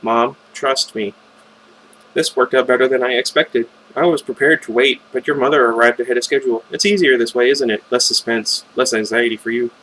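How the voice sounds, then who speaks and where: A man's voice: mid-range voice, fast talker, hardly any pauses, a bit bright, slight background noise, rough recording. Man reading a fan novel with chatty asides. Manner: stumbles and makes chatty side comments. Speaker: reader.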